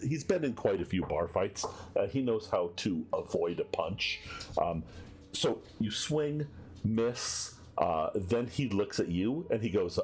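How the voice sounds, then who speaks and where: A man's voice: fairly low pitch, a little mellow. A man narrating a tabletop game as game master, loose and laughing, with many fillers.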